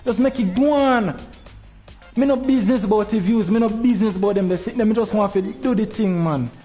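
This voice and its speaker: A Jamaican man with a voice pitched a little high runs a game tournament stream. He rants in thick patois, frustrated and preachy. The sound is dull and lo-fi with faint music underneath. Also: fairly quick. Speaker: livestream tournament host. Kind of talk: livestream talk to viewers.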